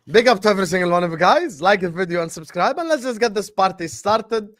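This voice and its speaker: A man hosting a casual live football chat stream, giving loud shout-outs to his viewers. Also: high voice, lively intonation, fairly quick, no echo, clean studio sound. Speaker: host.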